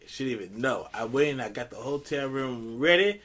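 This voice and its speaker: A man's voice: mid-range voice, fairly quick. A man hosting a casual podcast, telling a story with lots of laughter and loose slang. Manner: animated storyteller, laughs often. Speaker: podcast host.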